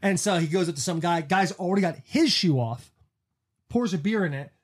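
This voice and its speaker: Man, fast-paced, slightly high voice, animated storyteller, casual swearing. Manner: breaks into sung snippets when retelling. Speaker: podcast co-host. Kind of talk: casual chat.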